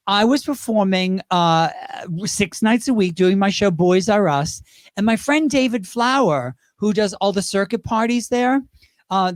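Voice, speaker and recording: His voice high-pitched, this fiftysomething British man, a drag performer, chats his way through wandering stories in an interview, now and then breaking into impressions. The studio recording is clean, without room sound.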